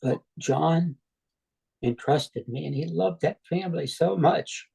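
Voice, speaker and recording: Gravelly, husky middle-aged man telling a story. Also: fairly high pitch, takes it slowly, dark tone, rough recording. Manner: retells dialogue at length, quoting others. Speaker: guest. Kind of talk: conversational storytelling.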